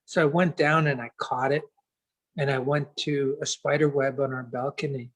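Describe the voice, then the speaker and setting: A man as an interview guest, telling a reflective story in an earnest, unhurried way and pausing to search for words. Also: mid-range voice, fairly even intonation, fairly bright tone, poor audio.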